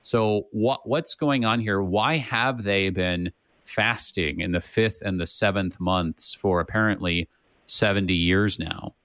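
Low-voiced man musing through scripture. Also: a little slow, a bit bright, no room sound, clean studio sound. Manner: thinks aloud with many restarts and "right?" tags. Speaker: co-host of a Bible study podcast. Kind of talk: casual Bible discussion.

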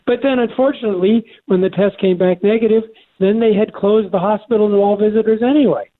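An older man co-hosting a faith talk show, speaking earnestly and haltingly with many restarts. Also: high-pitched. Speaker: radio show co-host. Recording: tinny phone line.

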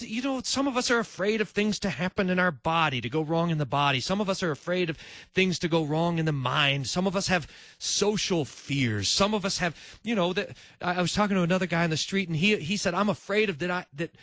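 A male preacher giving a sermon in animated storytelling style, acting out each voice. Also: high voice, brisk, dry recording.

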